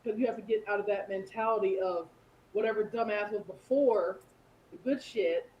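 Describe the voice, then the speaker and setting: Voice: mid-range voice, moderate pace. A speaker in casual podcast chat, joking and acting out quoted dialogue. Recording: echoey dull room with faint noise.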